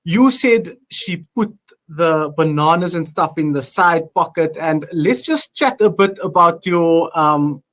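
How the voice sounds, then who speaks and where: A man hosts a sports chat show. His voice sits high for a man, and he teases his guest playfully. The talk is casual and chatty. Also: animated, takes it slowly, hardly any pauses, a bit bright. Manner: playful, teasing.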